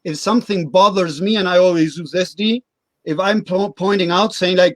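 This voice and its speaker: Earnest high-voiced man explaining. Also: moderate pace, dry recording. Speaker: interview guest, life coach. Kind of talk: casual interview talk.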